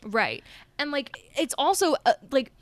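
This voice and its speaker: A woman's voice: high-pitched, big pitch swings, measured pace, no echo. A woman co-hosting a podcast, chatting casually about a film with lots of fillers and the odd swear word. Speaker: podcast co-host.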